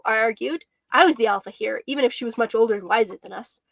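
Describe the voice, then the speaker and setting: A woman reads a children's story aloud in a plain, steady narrating voice. Her pitch is fairly high, and the recording is close and dry with no room sound. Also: brisk, creaky, hardly any pauses, no echo. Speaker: homeschool teacher.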